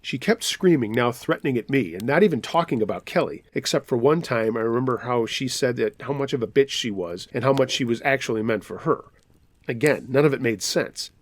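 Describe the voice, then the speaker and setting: A man reading listener-submitted scary stories aloud in a measured, dramatic storytelling manner. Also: mid-range voice, no echo. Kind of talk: scripted storytelling narration.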